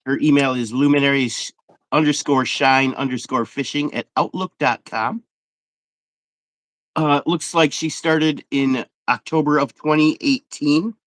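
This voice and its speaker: A man's voice: medium pitch, steady tone, measured pace, fairly bright tone, no echo. Upbeat man hosting, dry sound. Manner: upbeat, reads stats with fillers. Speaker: interview host. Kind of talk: casual interview hosting.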